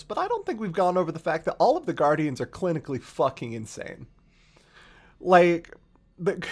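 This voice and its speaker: A streamer rambling through a story recap with a very lively, up-and-down voice. The delivery is casual and profane, full of fillers like "like.". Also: mid-range voice.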